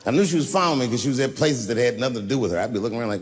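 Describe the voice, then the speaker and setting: A male comedian working a stand-up set, spinning profane stories and lurching from shouted punchlines to low muttered asides. His pitch swoops widely from line to line. The sound rings through a hall with long reverb and a faint background hum. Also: lively intonation, very fast, hardly any pauses.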